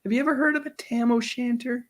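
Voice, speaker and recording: A man hosting a live-stream trivia quiz, chatty and reading out the answer choices slowly. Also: very high-pitched, steady tone, a bit bright. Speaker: host.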